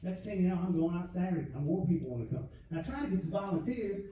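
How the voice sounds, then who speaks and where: A man's voice: high-pitched, lively intonation, quick pace, mellow, far from the mic, highs cut off, a little hiss or hum. A man telling crude stories on stage, laughing at his own jokes. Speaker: stand-up comedian. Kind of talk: stand-up storytelling. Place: live comedy club. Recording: echoey club heard from afar.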